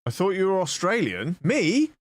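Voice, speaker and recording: A man's voice: high voice, huge pitch swings, moderate pace, no room sound, clean studio sound. A man from southwest England, chatting casually and joking with his live-stream chat while coding, swearing freely.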